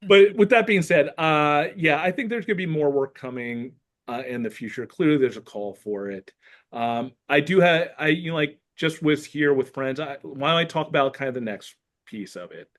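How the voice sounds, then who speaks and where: As a podcast guest, this Pennsylvania man, a school counselor and author, reads from his book and chats casually, working through his ideas with earnest thoughtfulness and lots of "like" fillers. His voice is on the high side, with lively intonation at a normal speed.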